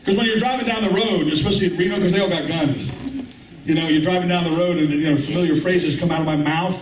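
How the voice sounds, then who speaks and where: A man's voice: a little high, quick pace. A middle-aged man doing a rambling, crude, self-mocking stand-up comedy set in a club with a live audience. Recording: roomy, distant club recording with loud ambient noise.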